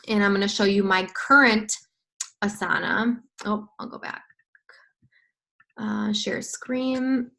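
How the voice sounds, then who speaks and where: Bubbly woman coaching, bright voice. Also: on the high side, poor audio. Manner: bubbly, acts out chats in gushing tones. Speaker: coach teaching sales follow-up. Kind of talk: casual screen-share training.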